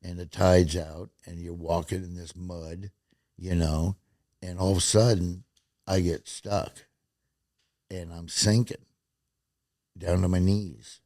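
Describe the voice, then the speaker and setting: A man hosting his own TV show, telling a story in an animated, casual way and swearing freely. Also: deep voice, slow, long pauses, no echo, clean studio sound.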